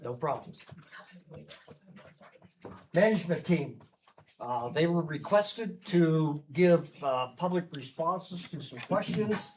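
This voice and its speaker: A man chairs a council meeting, calling speakers up in a courteous, brisk way. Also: a little high, lively intonation, a little hiss or hum, low-quality recording.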